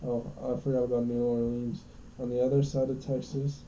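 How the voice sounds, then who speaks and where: Dark-toned man from Nebraska, joking around. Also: medium pitch, flat delivery, fairly quick, slight background noise, low-quality recording. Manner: joking, thinks aloud. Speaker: podcast co-host. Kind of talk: casual chat.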